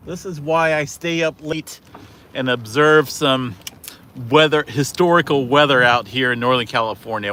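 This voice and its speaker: A man hosting a casual weather vlog outdoors in falling snow beside his car, talking into a handheld camera in an excited, rambling way full of fillers and exclamations. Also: medium pitch. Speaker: weather channel host.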